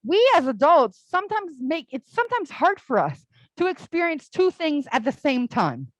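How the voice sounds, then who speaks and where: A woman's voice: high voice, sing-song, moderate pace, no echo, rough recording. A young adult woman giving a conversational all-ages sermon at a church service, telling stories casually and often saying "like". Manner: casual, storytelling, with frequent "like" fillers.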